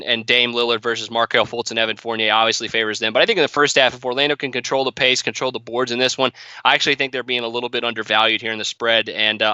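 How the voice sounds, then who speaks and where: A man giving quick, confident sports betting picks, now and then correcting himself as he goes. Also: medium pitch, pushed and bright, smooth, no echo, dull audio. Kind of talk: fast betting picks breakdown.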